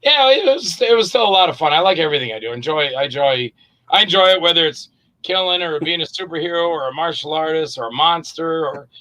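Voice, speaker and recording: A man, an actor and director, chatting as an interview guest and telling animated stories. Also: a little high, quick pace, poor audio. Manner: animated storyteller, acts out quotes. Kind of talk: casual interview chat.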